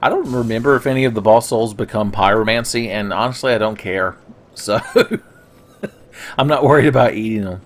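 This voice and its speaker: A man's voice: mid-range voice, normal speed. A man giving casual, sarcastic commentary over his own gameplay, swearing often and cracking jokes. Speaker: gaming video host.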